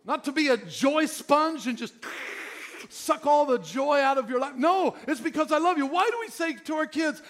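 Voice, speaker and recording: A middle-aged man pastor preaching a sermon in an animated, joking way. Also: very high voice, moderate pace.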